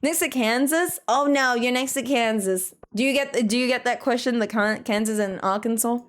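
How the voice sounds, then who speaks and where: A young woman from Australia streaming a game, chatting casually with her chat in a rambling way, with "like" in every sentence and quick laughs. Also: a little high. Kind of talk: casual chat reading out chat messages.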